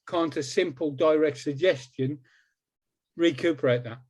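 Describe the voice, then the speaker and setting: A man's voice: a little high, a little slow, darkish tone. A man in his sixties, a hypnotist guest in a conversational interview, talking emphatically and repeating words for stress.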